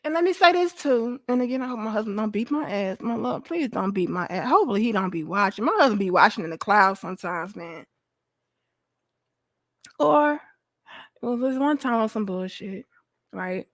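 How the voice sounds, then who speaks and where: Here a podcast host, a young woman, talks at a moderate pace in a mid-range voice. Animated and profane, she shares a candid story with her viewers on her talk show and mutters to herself along the way.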